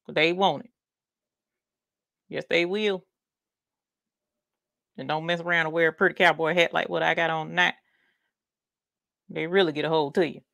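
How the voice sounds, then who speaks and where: A woman's voice: low voice, steady tone, moderate pace, creaky, pauses often, a bit bright, no room sound, studio quality. A woman with a Southern US country accent, chatting folksily while hosting a craft livestream. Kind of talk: casual livestream chat.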